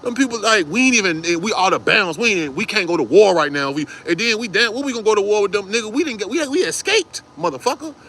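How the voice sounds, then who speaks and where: Animated, profane man telling a story. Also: high-pitched, fast talker, few pauses, slight background noise. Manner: acts out other people's voices in quotes. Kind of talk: casual storytime vlog.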